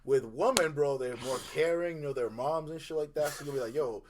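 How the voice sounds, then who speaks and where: A young man and podcast co-host, telling a story in casual chat. He talks in an animated way, acts out the quotes and laughs along. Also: fairly high pitch, fairly quick, over a noisy crowd. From Dominican heritage.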